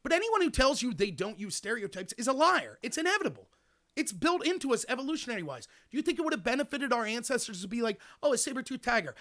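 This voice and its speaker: An American man with a very high voice talks fast while hosting a political talk show. His monologue is animated and opinionated, and he speaks directly to his listeners.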